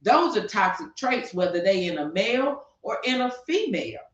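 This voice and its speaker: Her medium-pitched voice has a sing-song lilt and moves at a moderate pace as she co-hosts a talk show. The woman rants passionately, throwing out rhetorical questions in a heated exchange of opinions, and the audio is distant, echoey, and dull.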